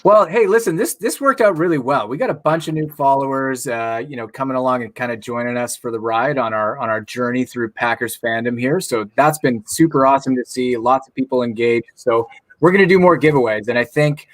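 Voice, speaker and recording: A man co-hosts a casual live stream in an easygoing, upbeat way. His voice is mid-pitched. The sound is dry and close, with no room echo. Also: fairly quick, fairly bright tone. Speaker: show founder and co-host.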